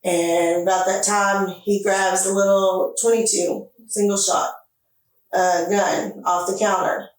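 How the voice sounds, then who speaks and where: A woman being interviewed by detectives, retelling events in an animated way, acting out what was said and swearing freely. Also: mid-range voice, slow. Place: interrogation room. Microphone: distant room camera mic. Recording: echoey room picked up from far off.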